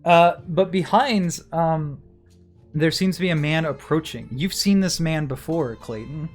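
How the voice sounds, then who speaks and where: A man running a tabletop game, narrating casually with plenty of ums and pauses. His voice sits a little high, with faint guitar music in the background. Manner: casual, hesitant, many fillers. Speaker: game master.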